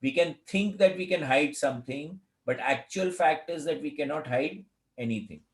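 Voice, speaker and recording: Study group leader, man, fairly high voice, insistent, echoey call audio. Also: normal speed. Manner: insistent, repetitive explaining. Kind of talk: teaching commentary. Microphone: video call. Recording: roomy video call audio.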